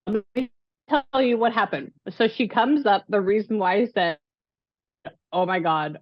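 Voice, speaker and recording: A woman working as a psychic medium, talking casually and excitedly over a call, rambling with lots of fillers. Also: mid-range voice, normal speed, dry recording, lo-fi sound.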